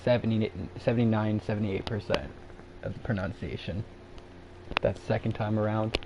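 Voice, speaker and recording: A man's voice: lowish voice, steady tone, moderate pace. A man chatting casually and rambling on his own live stream, laid-back and chuckling at himself. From Canada. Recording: dull lo-fi sound with faint background noise.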